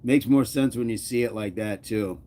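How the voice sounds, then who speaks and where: A man's voice: on the low side, moderate pace, mellow, a little hiss or hum. A man hosting a fitness channel, chatting casually with his live chat, joking often and laughing. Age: adult.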